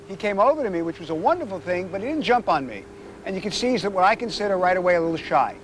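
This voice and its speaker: High-voiced man dog trainer, explains steps conversationally, outdoor street noise behind. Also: very animated, fast. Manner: chatty, explanatory, goes high and sing-song coaxing the dog. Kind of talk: on-location dog training demo.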